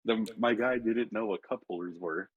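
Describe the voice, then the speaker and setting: A young man co-hosting a casual online chat, telling stories with relaxed banter. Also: on the low side, normal speed, breathy edge, dry recording. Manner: storytelling, acts out quotes. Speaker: co-host. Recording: dull lo-fi mic.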